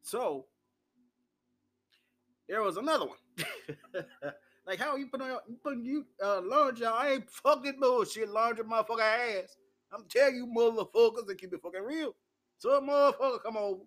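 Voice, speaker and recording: A man's voice: very high-pitched, moderate pace, pauses often, a bit bright. A man from Memphis, hosting an uncensored solo talk show, brash and profane, laughing often as he tells his stories.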